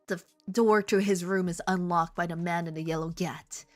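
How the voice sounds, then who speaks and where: A woman's voice: lowish voice, steady tone, normal speed. A woman streaming casually while she draws, playful and rambling, with theatrical outbursts. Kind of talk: casual live-stream chat while drawing.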